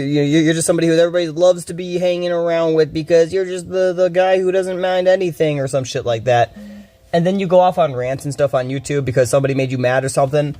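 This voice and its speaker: A man streaming a game, talking fast and rambling with a lot of swearing, a bit groggy from little sleep. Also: fairly high pitch, mellow, no echo. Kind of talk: casual rambling commentary.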